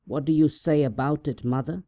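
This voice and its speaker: A man's voice: on the high side, fairly even intonation, moderate pace, warm tone, pitched above the performer's own voice, close to an everyday voice. A man voicing a tall, thin, hesitant and stingy peasant in a storybook reading, in a plain, slightly raised voice.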